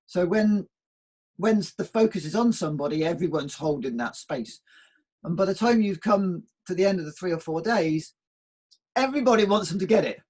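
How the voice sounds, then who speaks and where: Husky man telling a story. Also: sits high, animated, normal speed, a little mellow. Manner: reflective, storytelling, repeats words. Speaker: co-host. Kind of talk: casual spiritual chat.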